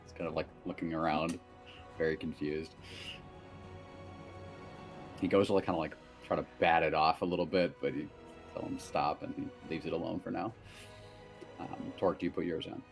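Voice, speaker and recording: A very deep-voiced man runs a tabletop game as game master, describing the scene in a relaxed, rambling way with plenty of fillers. Faint music plays quietly behind him. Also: moderate pace, creaky, pauses often. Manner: relaxed, loose narration with many fillers.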